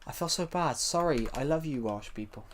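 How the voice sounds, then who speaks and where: A young man with a southern English accent and a slightly higher voice rambles casually through a game live stream. He reads viewer comments aloud, restarts his sentences and repeats phrases as he goes. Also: animated, fairly quick, a little hiss or hum. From southern England.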